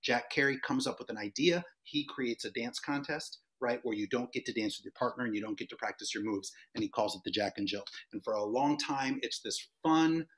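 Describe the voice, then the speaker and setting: A middle-aged man with an even, mid-range voice gives an informal talk to an online audience. He tells his stories in a lively, chatty way, with plenty of fillers and self-corrections. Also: medium pitch, a little fast, hardly any pauses. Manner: animated, chatty, many restarts and fillers. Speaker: dance instructor giving a presentation. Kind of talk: casual storytelling lecture. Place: home set-up for an online event.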